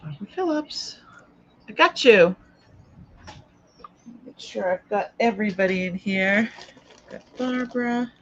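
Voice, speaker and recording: A woman with an old Boston accent chats on a live stream while selling jewelry, thinking aloud over each piece. Her medium-pitched voice is expressive, unhurried, and fairly bright, with long pauses. The audio has cut-off highs and slight background noise.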